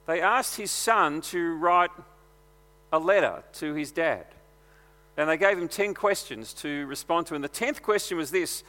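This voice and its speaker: A man's voice: a little high, a little slow, bright, forceful tone, in a large hall. A man preaching a sermon in a conversational, earnest way, mixing personal stories into his teaching.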